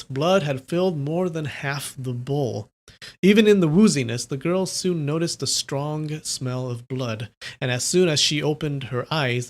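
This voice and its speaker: Casual live-stream novel reader. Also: medium pitch. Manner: casual, playful, chatty asides. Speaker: streamer reading a novel aloud.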